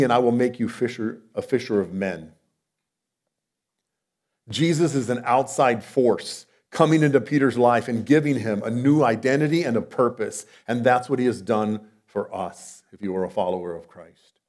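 A male preacher giving a sermon in a conversational way, with rhetorical questions, moving between loud emphatic lines and soft low asides. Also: normal speed.

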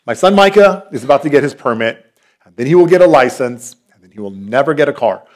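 Earnest pastor, conversational. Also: male voice, mid-range voice, expressive, fast talker. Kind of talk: sermon.

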